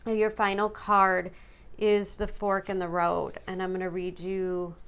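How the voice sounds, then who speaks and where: Woman, tarot reader, casual chatty delivery, smooth clear tone. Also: medium pitch, monotone, unhurried, a bit bright. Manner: chatty, reads card texts aloud, some stumbles. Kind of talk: casual tarot reading to viewers.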